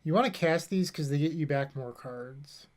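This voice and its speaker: A man's voice: on the high side, moderate pace. A man casually commentating his own card game play, rambling with self-mocking asides. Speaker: gameplay streamer.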